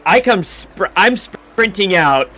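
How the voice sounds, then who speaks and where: A man's voice: sits high, lively intonation, slow, sharp tone, faint music behind. A man player in a tabletop game, describing his actions in a rambling, self-correcting way.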